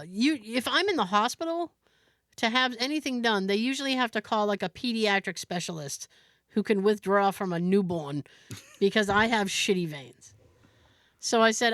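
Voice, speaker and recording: A woman with a mid-range voice co-hosts a podcast, recorded with no room sound. Chatting casually, she tells an animated story and acts out the people in it.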